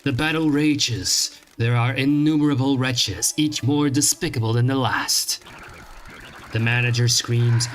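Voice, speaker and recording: A man streaming a game, reading its text aloud in a dry, deadpan way with wry asides. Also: mid-range voice, a little slow. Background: game music.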